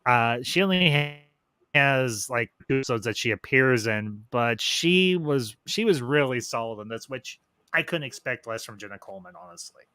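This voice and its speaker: A man hosts a relaxed review chat in a bright, forceful voice, recorded close and dry with no room sound. He rambles through his points, stopping and restarting as he digs for names and details. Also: mid-range voice, moderate pace, clear, resonant tone, no room sound. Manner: rambling, restarts and trails off while recalling details. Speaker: host.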